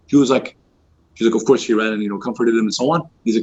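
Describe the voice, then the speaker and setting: A man's voice: medium pitch, slightly rough. A man giving a casual religious talk to a youth circle in a mosque, informal with many fillers, acting out quoted speech. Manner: fast, informal, many fillers like "you know" and "like"; acts out quoted speech in lively voices. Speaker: youth halaqah teacher. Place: mosque hall. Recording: dull lo-fi recording.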